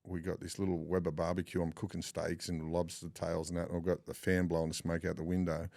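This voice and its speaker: Aussie guest, middle-aged bloke, very low gravelly voice, dry close sound, swears a lot. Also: male voice, fast talker, no room sound. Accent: Australian. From Australia. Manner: swears often, animated yarn-spinning with laughs. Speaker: podcast guest. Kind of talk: casual storytelling chat.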